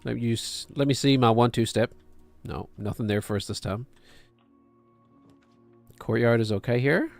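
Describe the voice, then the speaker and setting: A game streamer thinks aloud as he plays, talking both to himself and to chat in casual commentary. His medium-pitched, creaky voice moves at a moderate pace with long pauses, recorded with no room sound and faint music behind.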